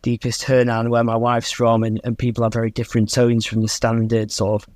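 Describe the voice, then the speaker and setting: A man's voice: mid-range voice, completely flat delivery, a little fast, a little mellow, dry recording. A man, a language teacher as a podcast guest, talking in a thoughtful, hedging and self-deprecating way. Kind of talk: podcast interview.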